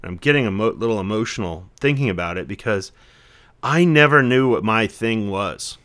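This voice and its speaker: Male podcast guest, 40s, lowish pitch, casual, reflective, fills every pause. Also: expressive, fairly bright tone. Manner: reflective, rambling, heavy on "you know" fillers. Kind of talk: casual conversation.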